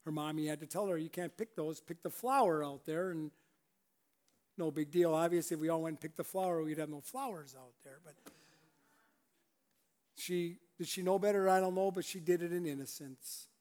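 A pastor with a notably high voice preaches in a loose, conversational way. He chuckles often, circles back and restarts his sentences as he goes. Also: steady tone, moderate pace, long pauses, a little mellow. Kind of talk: sermon.

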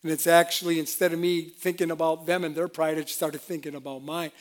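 A man preaching a sermon with fervent delivery, moving between loud exclamations and quiet, self-deprecating asides. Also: a little high, flat delivery, fast. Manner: self-deprecating, with laughs and restarts.

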